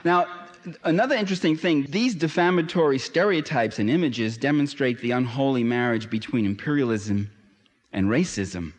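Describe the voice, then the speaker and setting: A man's voice: medium pitch, normal speed. A man giving an impassioned public lecture, emphatic, with sardonic asides and fervent peaks. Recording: long hall reverb.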